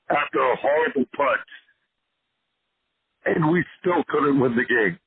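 A hoarse man co-hosting a sports podcast, ranting with passion. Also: medium pitch, normal speed, no room sound. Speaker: podcast co-host. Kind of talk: casual sports podcast chat. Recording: tinny phone-line sound, dry.

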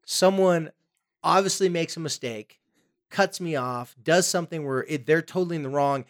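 A man's voice: a little high, normal speed. A man co-hosting a podcast, giving casual advice in an emphatic way and acting out the parents and teens he quotes. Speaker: podcast co-host.

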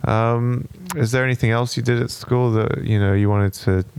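A man's voice: mid-range voice, fairly even intonation, moderate pace, darkish tone, slight background noise. A man hosting a casual podcast, speaking hesitantly and repeating his words. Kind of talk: casual chat.

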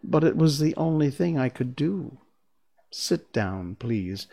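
A man voicing a sorrowful little male humbug wizard, gentle and apologetic, speaking softly. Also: mid-range voice, expressive, slow pace, creaky, voice pushed up, exaggerated voice. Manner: apologetic, gentle, soft-spoken.

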